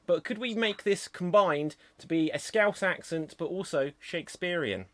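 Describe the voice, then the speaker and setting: Upbeat male improv host, high voice. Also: no echo. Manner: brisk, upbeat, explains games clearly. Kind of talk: hosting live online improv. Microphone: video call.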